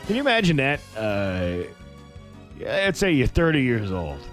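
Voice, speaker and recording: Animated, joking male radio host. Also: mid-range voice, normal speed, faint music behind. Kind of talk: casual radio banter.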